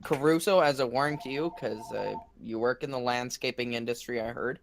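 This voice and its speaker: A man on a podcast slowly starting a story, with many pauses and fillers. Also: medium pitch, fairly even intonation, creaky, a little hiss or hum. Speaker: podcast co-host. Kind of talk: casual chat.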